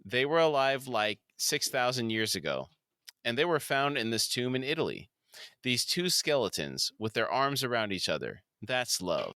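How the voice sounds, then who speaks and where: A man quoting an obsessive, unsettling woman's words about love, slowly and evenly. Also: medium pitch, big pitch swings, pushed and bright, no room sound, clean studio sound. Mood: eerie.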